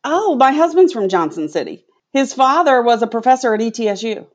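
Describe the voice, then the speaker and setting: A woman's voice: a little high, lively intonation, brisk. A middle-aged woman from Tennessee, a guest talking chattily in an interview, rambling with many filler sounds. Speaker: guest, sales consultant. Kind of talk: conversational interview. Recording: dull lo-fi audio.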